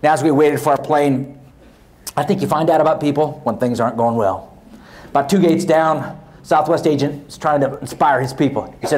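A man giving a humorous storytelling speech to a live audience, animated and punchy. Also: a little high, normal speed. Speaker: keynote speaker. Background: audience laughter.

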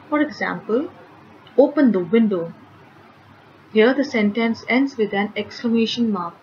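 A woman teacher walks children through a grammar lesson, reading each example sentence slowly and deliberately. Her voice comes through a slightly dull recording with a faint hiss underneath. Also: mid-range voice. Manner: slow, careful, clearly enunciated reading of example sentences.

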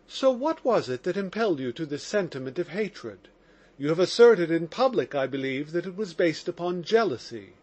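A man reading a measured formal lawyer. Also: on the high side, big pitch swings, a little mellow. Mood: probing. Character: calm male investigating lawyer. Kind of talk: audiobook narration.

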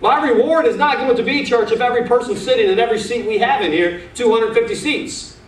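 A man's voice: extremely high pitch, fast, slight background noise. A man preaching a sermon as pastor, fervent and calling out to his church. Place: church sanctuary. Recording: echoey church room, mic at a distance.

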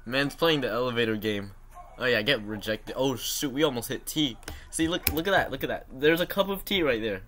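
Excitable self-mocking teen guy. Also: medium pitch, brisk, slight background noise. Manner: excitable, self-mocking, says "bro" a lot. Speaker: channel host reacting to his own old basketball video. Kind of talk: casual reaction commentary.

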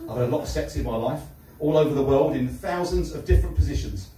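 A man from London with a Cockney accent, doing a stand-up comedy set with deadpan one-liners and pauses before punchlines. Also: fairly high pitch. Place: comedy club stage. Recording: echoey room, heard from a distance.

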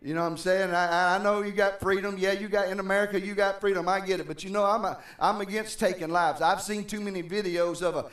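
High-voiced preaching pastor, roomy church. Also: male voice, fairly even intonation, fast, few pauses, a bit bright, distant mic. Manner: preacherly, conversational, calls out to the congregation. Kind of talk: sermon. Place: church sanctuary.

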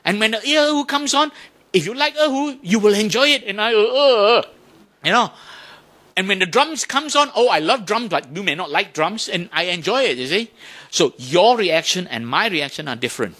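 A man giving a Buddhist dharma talk to an audience, animated, often asking questions and imitating sounds to make his points. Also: high-pitched, moderate pace. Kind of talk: lively talk to a temple audience.

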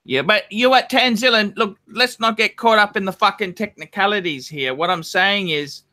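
A man's voice: sits high, normal speed, sharp tone. A man hosting a live stream, ranting and swearing angrily. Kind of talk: casual live-stream chat.

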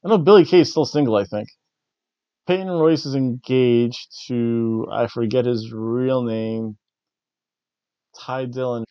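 A man's voice: medium pitch, a little slow, smooth, dry recording. Chuckly man rambling on dull lo-fi audio. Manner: rambling, chuckling, slightly awkward. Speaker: podcast host. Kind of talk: casual wrestling recap.

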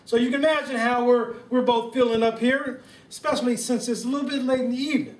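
A man doing a comic impression of a US president at home, giving a drawn-out formal welcome speech with deliberate stumbles. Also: very high voice. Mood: stately. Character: male US president impression, stately and slow. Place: home living room. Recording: roomy room sound from a distant camera.

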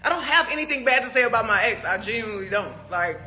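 A woman's voice: a little high, expressive, fast, pushed and bright. A young woman in a heated, profane livestream rant, firing off rhetorical questions. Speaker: artist speaking to fans.

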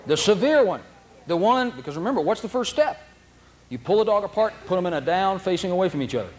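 A man teaching a dog training seminar in a folksy, animated way, acting out dogs' thoughts in silly voices, recorded on a noisy old video tape. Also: high voice, fast. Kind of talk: seminar lecture.

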